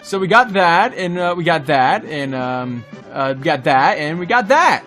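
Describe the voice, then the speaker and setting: A man giving excitable gameplay commentary as a gaming video host, yelping and shouting at the game and talking to the enemies. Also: on the high side, unhurried, hardly any pauses, faint music behind. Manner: talks to himself and the enemies. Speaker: gaming YouTuber.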